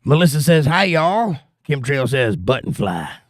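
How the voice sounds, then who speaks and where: A man's voice: mid-range voice, very animated, unhurried, no echo, studio quality. A man from Georgia hosting a livestream, reading viewer comments aloud and telling jokey stories in a folksy way. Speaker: livestream host reading chat. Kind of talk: casual chat.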